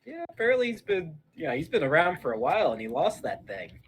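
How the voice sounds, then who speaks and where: A man's voice: fairly high pitch, very animated, quick pace, a little hiss or hum, low-quality recording. A man playing his character in a tabletop game, joking and boasting with the game master. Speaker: player. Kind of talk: in-character tabletop role-play.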